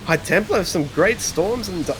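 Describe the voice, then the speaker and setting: A man casting a live strategy game in a relaxed, chatty way, half asleep, with many pauses and small laughs. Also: high-pitched. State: sleepy. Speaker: esports caster. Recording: faint game music underneath.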